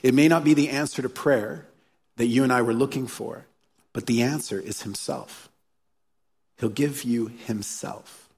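A man's voice: mid-range voice, unhurried, gravelly, darkish tone, slightly rough. A man preaching a sermon as a pastor, earnest and storytelling, repeating key phrases. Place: church hall. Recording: live sermon in a reverberant hall.

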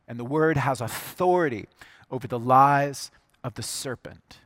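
A man's voice: medium pitch, unhurried, a bit bright, dry recording. A man preaching a sermon, earnest and emphatic, repeating key phrases for weight. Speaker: pastor.

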